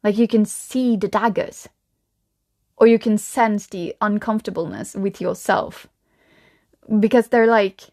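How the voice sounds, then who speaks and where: A woman's voice: medium pitch, steady tone, a little slow, pauses often, darkish tone. A young woman giving a casual spiritual tarot reading. She is chatty and rambling, with frequent laughs. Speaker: tarot reader.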